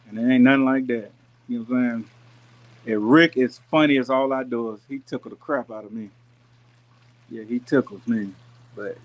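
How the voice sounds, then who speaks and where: A man hosting a gardening channel, chatting casually and directly with viewers on a live stream in a relaxed, folksy way. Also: mid-range voice, phone-quality sound. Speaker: YouTube gardening channel host. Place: rented house with pool and jacuzzi. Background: pool and jacuzzi noise.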